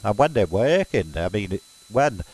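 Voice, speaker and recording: A man from Liverpool speaks with a Scouse accent in a fairly low voice. He rambles through a casual monologue, stopping and restarting with plenty of fillers. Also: big pitch swings, unhurried, darkish tone, breathy edge, low-quality recording. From Liverpool, England. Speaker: self-described medium.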